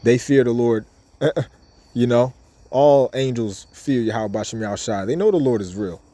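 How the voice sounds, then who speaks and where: A man's voice: medium pitch, normal speed, mellow. A man giving an informal scripture lesson in a casual, repetitive way, reading verses aloud between his own comments. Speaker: bible teacher.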